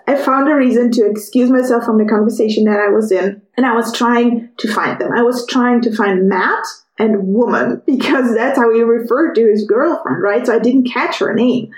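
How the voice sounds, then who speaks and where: A woman with a fairly high voice tells a personal story on her podcast. She is lively and acts out what other people said. Her voice sounds echoey, as if she is in a bare room. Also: normal speed. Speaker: podcast host.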